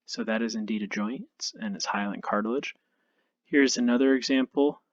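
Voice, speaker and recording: A male anatomy instructor records a lecture over slides, speaking on the low side at a moderate pace, with no echo and dull audio. Tired and yawning, he stays relaxed and self-deprecating, thinking aloud with frequent ums.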